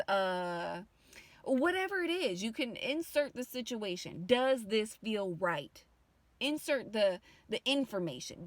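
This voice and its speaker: A woman's voice: fairly high pitch, fairly bright tone, dry recording. A woman in her thirties ranting casually to her viewers, rambling and emotional, with frequent swearing. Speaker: vlogger. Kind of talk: casual rant to camera.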